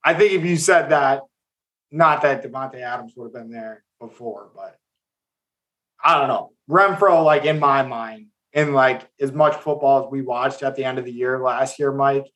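A man, co-hosting a sports podcast in a mid-range voice. He talks in enthusiastic bursts and sounds animated as he makes his points. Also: mid-range voice, moderate pace. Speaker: podcast co-host. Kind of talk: casual sports chat.

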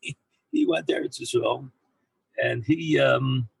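A man who heads a yeshiva, telling an anecdote in an animated way to his former students, mixing in Hebrew and Yiddish words and often repeating himself as he goes. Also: mid-range voice, slow, creaky, slight background noise, rough recording. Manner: frequent repeats and restarts. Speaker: rabbi and yeshiva head. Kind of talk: storytelling talk to former students.

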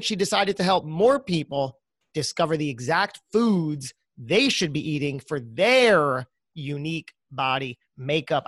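A man's voice: on the high side, a bit bright, dry recording. A man with a New Jersey accent hosting an interview podcast, chatty and enthusiastic. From United States. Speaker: podcast host. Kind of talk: casual interview chat.

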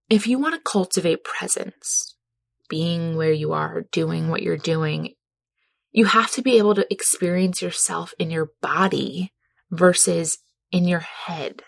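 This woman's voice sits on the low side and has a creaky texture, recorded dry. Telling a personal story in an earnest, heartfelt way, she laughs often as she reflects.

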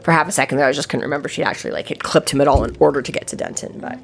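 A woman chatting casually as a podcast co-host, retelling a book scene, excitable, swearing freely and laughing often. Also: deep voice, rapid-fire, vocal fry, a little hiss or hum.

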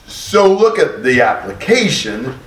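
Slow, emphatic man teaching Bible class. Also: medium pitch, sing-song, roomy sound, a little hiss or hum. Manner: thoughtful, emphatic, exclaims for effect.

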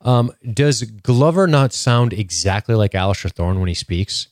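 A man co-hosting a casual TV recap podcast, jokey and quick with asides, often laughing. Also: fairly low pitch, lively intonation, no room sound, clean studio sound. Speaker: podcast co-host.

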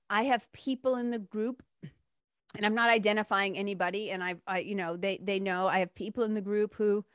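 A woman's voice: mid-range voice, no room sound, clean studio sound. A middle-aged woman, a spiritual mentor, talking in a casual, candid way with swearing and laughs. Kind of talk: casual monologue.

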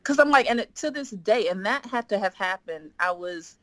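Animated woman telling a story. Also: medium pitch, normal speed, no echo. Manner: animated, acts out quoted dialogue. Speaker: guest. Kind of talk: casual storytelling.

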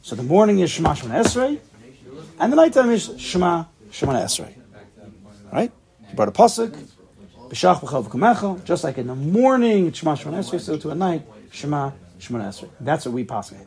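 A man's voice: on the high side, sing-song, a little fast, gravelly, a little mellow. A man leading a casual Talmud study class, thinking aloud and checking in with his students. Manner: thinks aloud, asks the class questions, laughs at himself.

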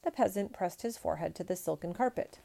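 A woman reading a picture book aloud in a measured, expressive storytelling manner. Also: on the low side, gravelly.

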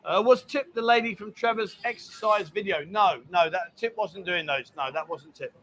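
Man, host, high voice, bright, chatty, teasing, reads comments. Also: normal speed, slight background noise. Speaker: bar show host. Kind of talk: casual livestream chat.

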